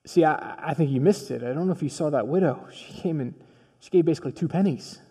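A man voicing a calm, patient male teacher who questions his followers, in a soft, hushed tone. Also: fairly high pitch, quick pace, husky. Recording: long reverb of a large hall.

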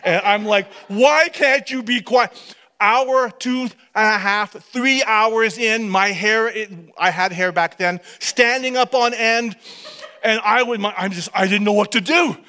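A pastor in his fifties telling a story from the pulpit, his voice pitched high and ringing bright. He acts the story out dramatically, often dropping to a near hush for effect. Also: unhurried. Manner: animated, dramatic storytelling that drops to hushed tones. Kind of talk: storytelling sermon.

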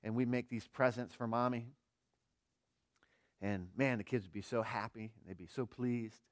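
A middle-aged man preaching a sermon as pastor, earnest, firing rhetorical questions and swinging between quiet and emphatic delivery. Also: medium pitch, moderate pace, no room sound, studio quality.

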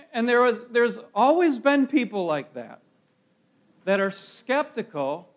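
A man with a high-pitched voice preaching a sermon. He talks to his congregation casually, asking rhetorical questions. He often stumbles and restarts his phrases as he goes. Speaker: pastor.

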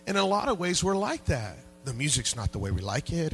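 Man preaching in a church: animated, jokey pastor, bright and slightly high, with a faint hum on the mic. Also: quick pace, hardly any pauses, poor audio. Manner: animated, swings from quiet asides to loud shouted peaks; conversational and joking with the congregation. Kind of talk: sermon. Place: church sanctuary.

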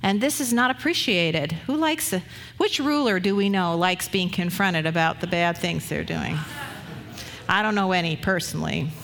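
A woman's voice: lowish voice, moderate pace, creaky, fairly bright tone, a little hiss or hum. A woman pastor preaching a sermon, retelling scripture stories in a conversational, storytelling way.

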